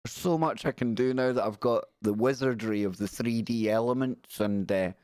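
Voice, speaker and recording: In clean studio audio with no room sound, a forties-aged live-stream host chats casually, rambling, cracking jokes and reading viewers' messages aloud. His voice is medium-pitched and somewhat dark, moving at a normal speed.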